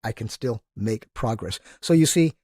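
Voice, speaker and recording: A man in his sixties, a podcast guest who tells animated, enthusiastic stories and acts out the quotes. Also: on the low side, normal speed, dry recording. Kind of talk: casual storytelling interview.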